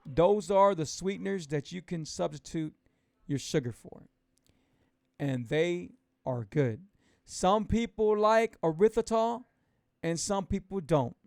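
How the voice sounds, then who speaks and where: This is a man with a gravelly, slightly high voice, hosting a live stream as a keto coach. He talks loosely with many restarts and repeats each point. The sound is close and dry, with no room around it. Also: lively intonation, slow, a little mellow, no room sound. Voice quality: fervent, pitching and repeating himself. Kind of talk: live-stream talk to viewers.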